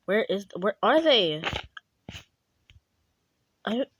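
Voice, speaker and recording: A woman giving casual commentary while playing a video game, excitable and prone to sudden screams. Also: medium pitch, takes it slowly, slight background noise. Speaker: gaming channel host.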